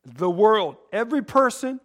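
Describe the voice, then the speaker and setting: A man's voice: high voice, animated, normal speed, fairly bright tone. A man preaching a sermon, rambling with humorous asides and asking the congregation to fill in the words. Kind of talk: sermon with call-and-response.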